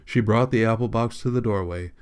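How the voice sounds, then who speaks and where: Smooth-voiced man reading a novel aloud. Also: on the low side, brisk, a little mellow. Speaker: audiobook reader. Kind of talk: audiobook narration.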